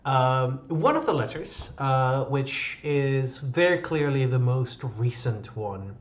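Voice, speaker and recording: A man narrating as game master of an online tabletop game, pausing often with fillers. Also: mid-range voice, animated. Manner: halting, many fillers. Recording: slightly dull audio with faint music.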